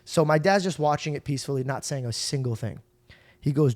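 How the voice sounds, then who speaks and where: A young man hosting a podcast, telling stories in a casual, animated way. He swears and acts out the people in his stories. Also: a little high, a little fast, no room sound. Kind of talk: casual storytelling chat.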